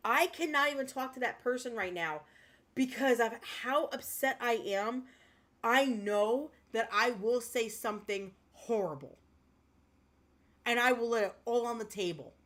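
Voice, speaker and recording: Woman, livestreamer, casual chat with viewers, earnest, impassioned, emotional, near tears, repeats herself, slightly high pitch. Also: a little slow, a bit bright.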